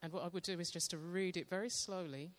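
A woman sharing a calm devotional testimony and leading a slow, meditative guided prayer. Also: on the low side. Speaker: church member sharing testimony.

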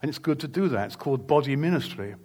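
A man's voice: mid-range voice, expressive, fast talker, darkish tone, slightly rough. A man preaching a sermon, telling a personal story in an earnest, emphatic way and acting out the dialogue as he goes. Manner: earnest, emphatic testimony with vivid retold dialogue.

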